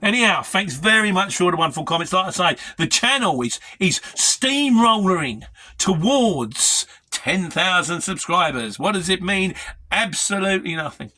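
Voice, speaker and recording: A man's voice: sits high, expressive, moderate pace, sharp tone, no echo. A middle-aged man with a London Mockney accent, chatting casually and self-deprecatingly as he answers viewer questions on his vlog. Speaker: lorry driver vlogger.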